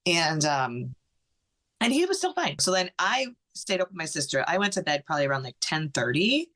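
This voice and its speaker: Woman, middle-aged, podcast guest, low voice, animated storytelling, quotes others. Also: moderate pace. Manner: animated, quotes others' words, many "like" fillers. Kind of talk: personal storytelling.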